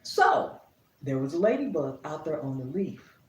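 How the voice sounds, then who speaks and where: Middle-aged woman vlogger, animated and laughing, mid pitch, recorded a bit off-mic in an echoey space. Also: moderate pace, a little hiss or hum. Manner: laughs often, animated storyteller. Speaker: gardening vlogger. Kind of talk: casual storytelling to camera. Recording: roomy, a bit distant.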